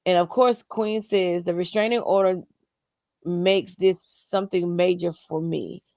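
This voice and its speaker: A woman with a lowish, gravelly voice reads viewer comments aloud on a live talk stream. She throws in dry, sassy asides between the comments. Her voice sits close and dry, with no room sound. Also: steady tone, measured pace, darkish tone, dry recording. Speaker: co-host reading viewer comments.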